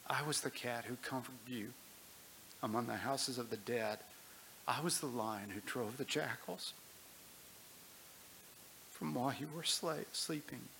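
A man reading aloud as an ancient, solemn great male lion, speaking slowly and gravely. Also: mid-range voice, bright, forceful tone, a little hiss or hum, poor audio. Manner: slow, grave, measured.

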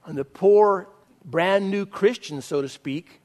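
A man's voice: sits high, a little slow, a little mellow. A middle-aged male pastor preaching a sermon in a conversational storytelling way, with self-mocking humor.

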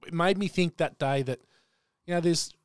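A man on a podcast, easygoing in casual sports chat. His voice sits a little high, and he agrees readily and swears in a relaxed way. The sound is dry and close. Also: normal speed, smooth, no room sound. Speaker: podcast co-host.

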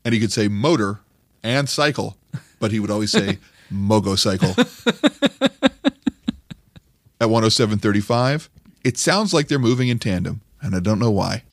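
Deadpan wry male podcast host. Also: lowish voice, brisk, dry recording. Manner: dry, wry, deadpan timestamp intros. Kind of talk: comedic commentary on clips.

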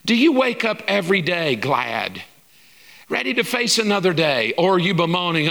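A man delivering a sermon with a bright, forceful tone and a slightly high voice. He preaches with conviction and moves from rapid rhetorical questions to easy, self-deprecating asides. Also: expressive, gravelly, long reverb tail. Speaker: pastor.

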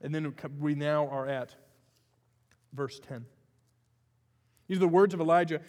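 A man's voice: on the high side, normal speed, long pauses, long reverb tail. A man preaching a sermon as pastor, in a conversational way with frequent fillers and restarts.

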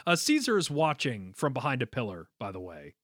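A man co-hosting a podcast, recapping a show in casual chat, giggly and animated. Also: mid-range voice, a little fast, no echo, studio quality. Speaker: podcast co-host.

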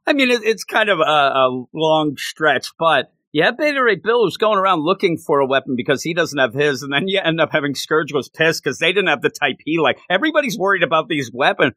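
A man excitedly recapping a comic book issue in casual chat, laughing and acting out lines as he goes. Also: fairly high pitch, fairly quick, few pauses, dry recording. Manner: animated, laughs while retelling, acts out quotes. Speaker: comic book podcast co-host.

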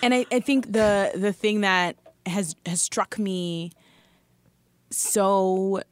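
Blunt woman podcaster, mid-pitched voice. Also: steady tone, slow pace, a little hiss or hum. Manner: emphatic, blunt, laughs often. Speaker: podcast co-host. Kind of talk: casual podcast chat.

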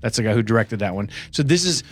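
A man's voice: lowish voice, lively intonation, fast. A man co-hosting a podcast in casual chat, rambling and correcting himself as he talks. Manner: rambling, self-correcting, chatty. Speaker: podcast co-host.

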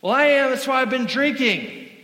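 A loud, tipsy woman in her early sixties, as a man puts her on, nervous and nosy, firing questions in a high, shrill voice. The sound rings through a large, echoing hall. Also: expressive, moderate pace, full character voice. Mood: loud and prying.

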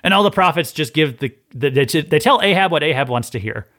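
A man hosting a Bible teaching podcast, reading passages and retelling the stories in a lively, conversational way, often restarting his words. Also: fairly high pitch, a little fast. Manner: animated storytelling, acts out scenes, repeats words when he starts a phrase.

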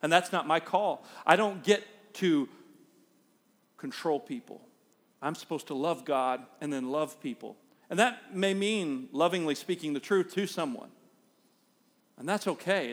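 Animated preacher man, higher voice. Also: in a large hall. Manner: animated, acts out everyday scenes in raised voice. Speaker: pastor. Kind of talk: sermon.

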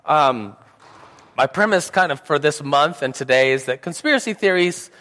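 A man's voice: a little high, expressive, normal speed, a bit bright. A young man with a slight sore throat giving a casual church Sunday school talk, rambling and joking with lots of fillers. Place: church hall. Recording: reverberant hall.

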